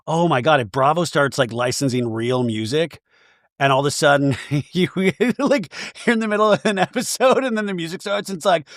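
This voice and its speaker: A man hosting a podcast, recapping a show in an animated, profane, joking way with frequent laughs. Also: a little high, fairly quick, no echo, clean studio sound. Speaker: podcast host. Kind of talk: comedic episode recap.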